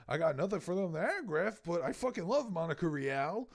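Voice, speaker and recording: A man in his thirties from Louisiana, a podcast co-host telling an animated, profane story in casual chat. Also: fairly high pitch, brisk, hardly any pauses.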